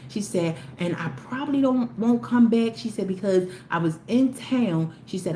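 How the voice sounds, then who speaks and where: A woman's voice: mid-range voice, moderate pace, hardly any pauses, a little mellow. A woman, hosting a live video stream and telling a long story to her viewers in a chatty, rambling way with many restarts. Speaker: YouTube live host. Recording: roomy with faint background noise.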